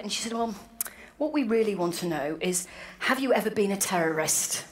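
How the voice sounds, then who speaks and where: A woman's voice: mid-range voice, expressive, brisk. Woman telling wry stories in an echoey hall. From Wales. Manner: wry, self-deprecating storytelling. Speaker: speaker at an annual meeting. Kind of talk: anecdotal speech. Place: large hall, to an audience. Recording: echoey hall with faint room noise.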